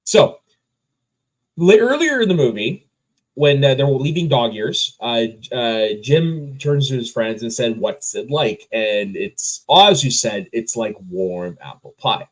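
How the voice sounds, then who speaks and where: A man's voice: mid-range voice, expressive, slow pace, low-quality recording. A man co-hosting a casual movie review podcast, sharing trivia and laughing often. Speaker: podcast co-host.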